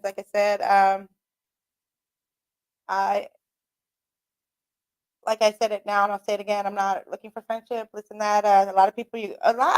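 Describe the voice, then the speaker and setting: A woman, hosting a radio show and chatting casually on her own, rambling, swearing and laughing a lot. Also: medium pitch. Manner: rambling, profane, laughs often. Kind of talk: casual solo chat. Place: radio studio.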